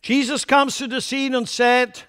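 Preacher guy w a high voice, emphatic, loud then quiet, blunt. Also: level tone, unhurried, clean tone. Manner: emphatic, swings between loud declarations and quiet asides; blunt and scornful toward foolish ideas. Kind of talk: sermon.

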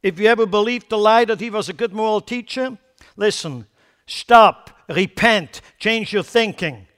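Here a preacher with a high voice speaks at normal speed, delivering an emphatic sermon. Loud proclamations give way to hushed asides, and he's openly contemptuous of ideas he finds foolish.

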